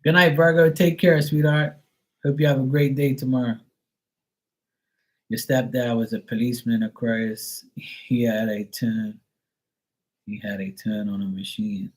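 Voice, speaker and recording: On a live tarot reading stream, a man speaks casually, bluntly, and candidly, swearing often. His medium-pitched voice is flat and measured with frequent pauses, captured in a rough recording.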